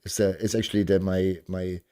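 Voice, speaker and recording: German-accented man with a deep mellow voice. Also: level tone, brisk. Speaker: guest. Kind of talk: casual interview chat.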